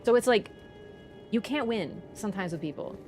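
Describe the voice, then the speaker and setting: A woman livestreamer in casual chat, animated and teasing toward viewers and swearing casually. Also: mid-range voice, normal speed, soft background music.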